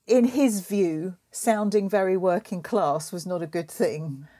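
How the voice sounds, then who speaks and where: A woman's voice: lowish voice, a little slow, mellow. A woman reflecting thoughtfully in an interview.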